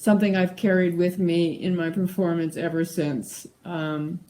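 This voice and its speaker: A woman's voice: on the low side, steady tone, moderate pace, mellow, low-quality recording. A woman singer speaking a reflective tribute to a former teacher, with fillers. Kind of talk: spoken tribute.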